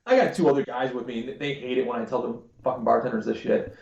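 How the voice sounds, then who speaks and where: Gravelly man telling crude stories. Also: mid-range voice, fairly even intonation, quick pace, a little mellow. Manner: crude, swearing storyteller. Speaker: podcast co-host. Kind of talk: casual chat. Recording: dull, roomy live-stream audio.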